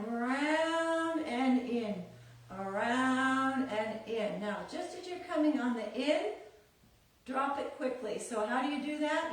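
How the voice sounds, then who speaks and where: Woman dance teacher, slightly high voice, sing-song counting, heard far off in a very echoey room. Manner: counts beats aloud in a sing-song rhythm; chatty, encouraging explanations. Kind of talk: live online dance class instruction.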